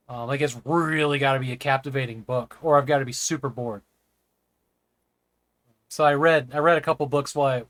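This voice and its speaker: A man's voice: fairly high pitch, fairly bright tone, dry recording. A man streaming a game live, rambling and chatting with viewers, sometimes stammering over words. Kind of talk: live gameplay stream chat.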